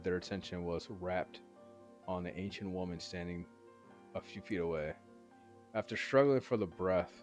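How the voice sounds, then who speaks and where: A man reading a novel aloud in a halting way, stopping to correct misread words. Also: sits low, a little mellow. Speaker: reader.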